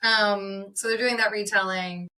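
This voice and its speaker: A woman co-hosting a podcast, casually and animatedly recapping a TV episode with lots of fillers. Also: mid-range voice. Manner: animated, quick retellings of scenes with lots of fillers. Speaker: podcast co-host.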